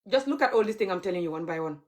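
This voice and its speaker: A woman's voice: lowish voice, expressive, rapid-fire. A young adult woman, ranting heatedly and mockingly on a livestream as a vlogger. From Gambia. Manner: heated, mocking, laughs bitterly. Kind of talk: livestream rant.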